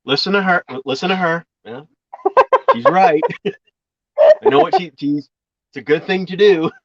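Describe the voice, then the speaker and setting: Jokey man with a lively voice. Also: high-pitched, measured pace, no echo, dull audio. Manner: jokey, rambling with restarts. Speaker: guest YouTuber. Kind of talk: casual online chat.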